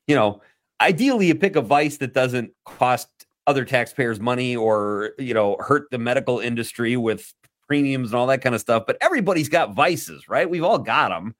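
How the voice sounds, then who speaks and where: Man, low-ish lively voice, playful radio host, dry studio sound. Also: no room sound. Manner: playful, joking, laughs easily. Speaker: radio talk show host. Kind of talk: casual radio talk show chat.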